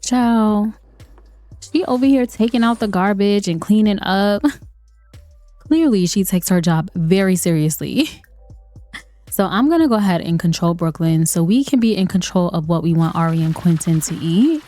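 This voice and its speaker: A woman's voice: mid-range voice, normal speed, warm tone, no echo, faint music behind. A woman giving playful, chatty commentary over a life-sim game, laughing often. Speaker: let's play host. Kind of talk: gameplay commentary.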